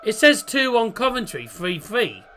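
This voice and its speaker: A man's voice: sits high, big pitch swings, measured pace, sharp tone, slight background noise. A man hosting a live football watchalong stream, chatting casually in a rambling way and cracking corny jokes at his own expense. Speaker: football watchalong livestream host. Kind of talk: casual live match chat.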